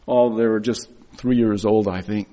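A man's voice: lowish voice, steady tone, moderate pace, dark tone. A middle-aged man giving a sermon, telling personal stories in an earnest way and often repeating words as he goes. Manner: earnest storytelling with frequent word repeats.

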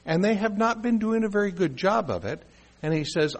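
A middle-aged man delivers a sermon, acting out the lines he quotes. His voice sits a bit high for a man and rises and falls a lot, giving the talk a lively, animated preaching feel. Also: a little fast, breathy edge. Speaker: pastor.

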